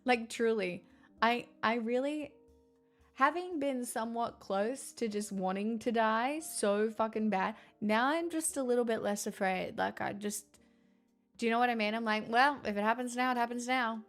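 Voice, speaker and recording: A woman who streams and chats with viewers. She talks in a candid, rambling way, swears, and laughs often. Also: fairly high pitch. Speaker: live streamer reading chat. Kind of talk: casual chat.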